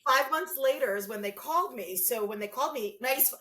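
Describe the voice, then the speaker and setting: A middle-aged woman talking as a guest in a casual interview, lively and theatrical, acting out what people said to her. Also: fairly high pitch, fairly quick. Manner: animated, acts out quotes in big voices.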